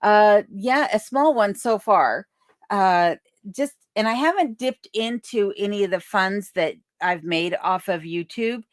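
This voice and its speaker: A woman's voice: medium pitch, lively intonation, measured pace, no echo, clean studio sound. A woman hosting a casual livestream, reading viewer comments aloud and thanking people in a chatty way, from her home. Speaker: livestream host. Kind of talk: casual live chat. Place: remote home in Alaska. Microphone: desk microphone on a boom arm.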